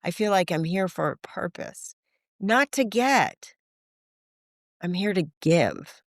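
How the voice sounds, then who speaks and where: An older woman speaking as a podcast guest, frank and animated, swearing casually and acting out the voices in her stories. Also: on the low side, takes it slowly, no room sound, studio quality. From United States. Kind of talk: candid conversational interview.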